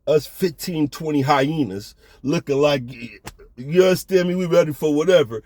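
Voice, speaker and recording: A man's voice: on the high side, normal speed, darkish tone, no room sound. A man telling a story in a laid-back, slangy way, often checking in with the listener. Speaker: storyteller host. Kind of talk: casual storytelling.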